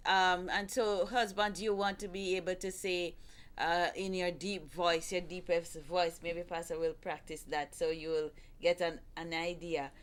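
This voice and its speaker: A woman's voice: fairly low pitch, little pitch movement, unhurried. A woman hosting a family talk show, earnestly coaching couples on how to speak to each other. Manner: earnest, gentle, repeats herself while coaching. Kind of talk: casual advice talk.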